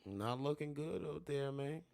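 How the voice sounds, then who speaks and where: A man's voice: mid-range voice, expressive, unhurried, gravelly, darkish tone, dry recording. A man hosting a casual livestream from his home studio, rambling and repeating "you know what I'm saying". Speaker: livestream host. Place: home studio with two monitors.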